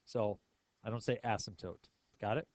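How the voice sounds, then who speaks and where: A man's voice: lowish voice, fairly even intonation, normal speed, darkish tone. A male math teacher lecturing a class in a playful way, asking his students many questions.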